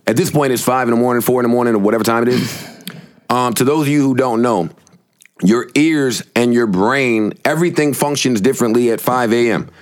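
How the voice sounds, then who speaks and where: A man hosting a podcast, telling stories with lots of animated quoting and profanity in casual chat. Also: medium pitch, brisk. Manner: animated storytelling, acting out quotes, profane. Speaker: podcast host.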